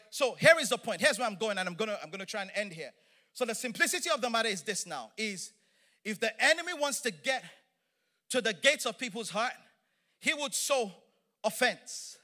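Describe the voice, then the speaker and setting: A man delivers a sermon in a high, bright voice. He preaches with energy, leaning on words for emphasis and slipping in playful asides. He sounds middle-aged. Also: lively intonation, normal speed, long pauses. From Nigeria.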